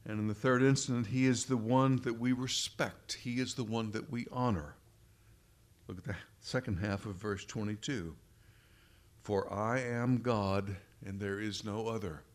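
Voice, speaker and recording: Slow, deliberate male preacher. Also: lowish voice, fairly even intonation. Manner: emphatic, deliberate preaching with repetition. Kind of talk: sermon.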